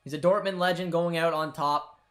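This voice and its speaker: A young man hosting a live football watchalong, reacting with excitement and emotion and talking to his viewers. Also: a little high, fairly quick. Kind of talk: live match watchalong commentary.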